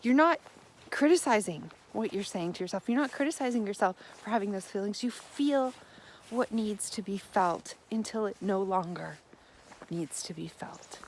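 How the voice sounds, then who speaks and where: A woman giving a motivational self-help monologue. She is gentle and encouraging and often repeats her phrases. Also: medium pitch, lively intonation, moderate pace, a little hiss or hum.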